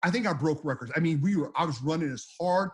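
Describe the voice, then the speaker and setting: This man's voice sits on the high side, with a quick pace and a breathy edge. He's a middle-aged storm chaser from the United States, guesting on an interview and spinning lively tales, rambling and repeating himself as he performs quotes.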